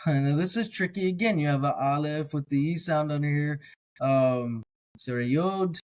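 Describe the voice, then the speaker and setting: A man teaching a slow word-by-word reading lesson, sounding out each syllable carefully and adding casual asides. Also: a little high, darkish tone, low-quality recording. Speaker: biblical language teacher.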